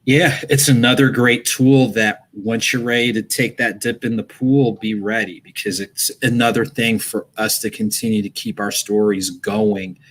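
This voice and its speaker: A man's voice: on the low side, fairly even intonation, moderate pace, hardly any pauses, slight background noise, low-quality recording. A man talking as an interview guest about creative tools, encouraging and easygoing. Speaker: audiobook session host, guest. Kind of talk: interview answer. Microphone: video call.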